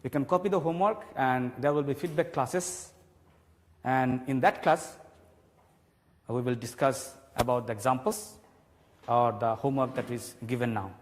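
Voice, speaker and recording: A man teaching a televised grammar class, explaining slowly and repeating key points. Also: medium pitch. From Bangladesh. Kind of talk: televised classroom English lesson. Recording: long hall reverb.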